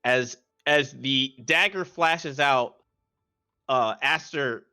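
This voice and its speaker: Bright-voiced man running a tabletop game. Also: medium pitch, smooth. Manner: halting, restarts phrases while narrating. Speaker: game master.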